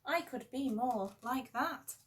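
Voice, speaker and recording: A woman voicing a small, timid male mouse who longs to roar, squeaky, hesitant and eager. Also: slow, slight background noise. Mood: wistful.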